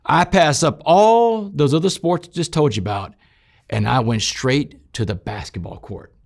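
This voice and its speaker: A man telling his personal story in an interview, shifting from loud, emphatic bursts to quiet, low passages and speaking straight to his listeners. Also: normal speed, vocal fry. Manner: addresses listeners directly as "y'all". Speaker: interview guest recounting his past.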